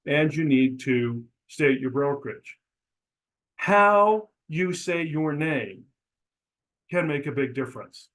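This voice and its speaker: A middle-aged man, a real estate broker, teaching agents how to introduce themselves at the door, acting out sample lines as he goes. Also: poor audio. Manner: coaching, demonstrates scripts aloud with pitch changes. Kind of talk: instructional talk.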